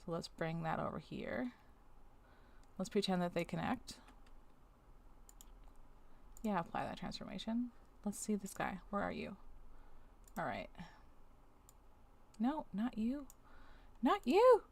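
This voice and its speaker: A woman streamer chats casually while doing a task, thinking aloud to herself, scolding on-screen objects and then apologizing to them. Her medium-pitched voice swings widely in pitch, moves at a slow pace with long pauses and vocal fry, and has a darkish tone. She's recorded on a webcam setup.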